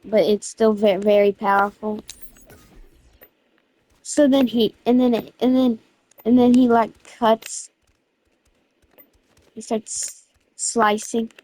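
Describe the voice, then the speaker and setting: Woman, slightly high voice, casual gameplay narration, rambling, slangy, keeps restarting sentences. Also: slow pace, long pauses. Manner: rambling storytelling with constant restarts; excited, slangy recap. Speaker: gaming video creator.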